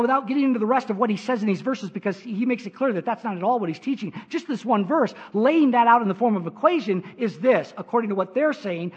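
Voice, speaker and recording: High-voiced emphatic male preacher. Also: breathy edge. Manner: emphatic preaching with frequent "uh" fillers, rising pitch for stress. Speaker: pastor. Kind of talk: sermon. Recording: dull lo-fi sermon recording.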